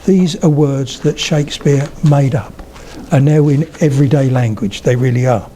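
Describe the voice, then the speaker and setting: An older man lectures on spoken English before a live audience of about eighty, his mid-range voice mellow at a moderate pace, with a little hiss or hum. He tells anecdotes chattily and checks in with his listeners during the public talk.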